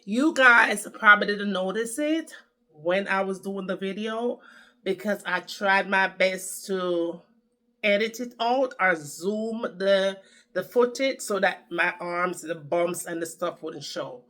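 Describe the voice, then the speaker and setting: A woman's voice: mid-range voice, takes it slowly, pushed and bright. A woman with a Jamaican accent chatting to camera as a vlogger, telling her story in a chatty, dramatic way. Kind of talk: casual chat to camera.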